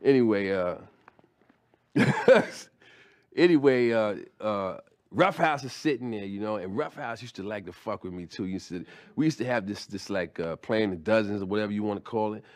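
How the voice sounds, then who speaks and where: A man's voice: lowish voice, expressive, normal speed. A middle-aged man doing stand-up, telling a story in a loose, conversational way with slang and restarts. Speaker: stand-up comedian.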